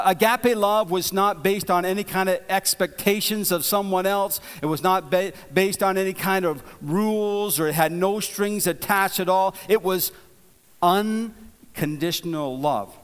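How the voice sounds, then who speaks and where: A man's voice: high voice, clean tone. Folksy preacher man in a reverberant hall. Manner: conversational, folksy storytelling with repeated restarts. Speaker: pastor. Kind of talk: sermon.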